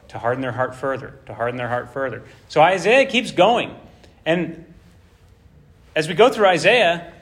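A man with a somewhat high voice leads a verse-by-verse Bible teaching. He talks conversationally, stopping to ask his listeners whether it makes sense, and he repeats key phrases for emphasis. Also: fairly bright tone. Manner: conversational, checks in with rhetorical questions.

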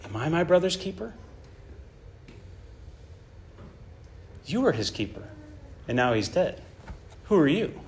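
A man's voice: mid-range voice, lively intonation, slow pace, a little hiss or hum. A man voicing a seething, accusing brother. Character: bitter grieving man mocking God.

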